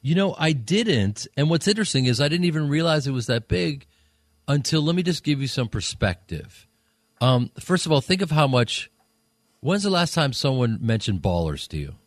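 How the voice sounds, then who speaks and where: A man's voice: fairly high pitch, big pitch swings, no room sound, clean studio sound. A man from Chicago, a comedian guest, chatting in a rambling, self-mocking way on a radio show. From Chicago, USA. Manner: rambling, self-mocking, quick to slip into voices. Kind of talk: casual radio interview chat. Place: radio studio.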